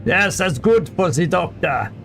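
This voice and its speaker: A man's voice: high-pitched, sing-song, unhurried, vocal fry, fairly bright tone, faint music behind. Man thinking aloud over a strategy game. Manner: thinking aloud, many fillers and restarts. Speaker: game streamer. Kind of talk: casual let's-play commentary.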